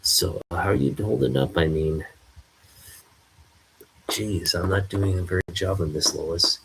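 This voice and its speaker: A man's voice: low voice, a little slow, vocal fry, a bit bright, slight background noise, heavily acted, low-quality recording. A man voicing an awkward, caring young male photographer, reading a comic aloud. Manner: awkward, fumbling.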